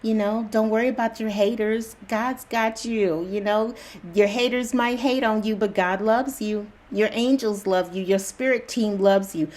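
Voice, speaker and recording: A woman speaking straight to her viewers in a relaxed, reassuring pep talk. Her phrasing is loose and slangy, she repeats her comforts again and again, and she breaks into chuckles often. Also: on the high side, measured pace. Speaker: spiritual channel host.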